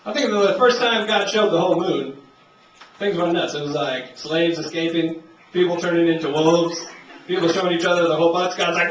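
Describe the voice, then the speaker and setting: A young man works through a stand-up set, rambling easily and jumping into raised character voices. His voice sits high for a man. The recording is muffled and lo-fi, caught from a distance in a roomy club with clear audience noise. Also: fairly quick. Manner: laid-back rambling delivery, acts out characters in raised voices. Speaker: stand-up comedian. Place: comedy club stage. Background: audience laughter.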